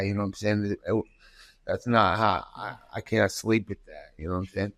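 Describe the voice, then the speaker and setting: A fighter in his thirties, appearing as a guest in a casual interview, tells stories in a profane, animated way. He speaks at a moderate pace with a fairly low voice, and there's no echo.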